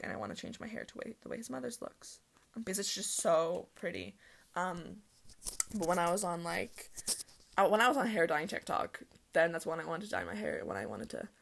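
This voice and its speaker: Young woman rambling on her podcast, talks super fast, lots of like, creaky fry voice. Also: on the low side, a bit bright, a little hiss or hum. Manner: fast, rambling, full of "like" and laughter. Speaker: podcast host. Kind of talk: casual solo podcast chat.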